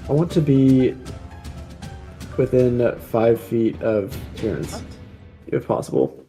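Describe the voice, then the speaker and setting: A man's voice: medium pitch, animated, slow pace, warm tone, soft background music. A man playing a tabletop game, thinking aloud as he plans his character's moves. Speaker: player.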